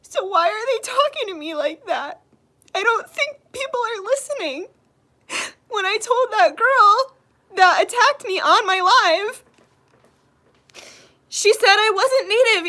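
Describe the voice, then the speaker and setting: Tearful young woman, very high voice. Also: sharp tone. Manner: tearful, hurt and indignant, halting restarts. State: crying. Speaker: channel host. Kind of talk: emotional livestream vlog.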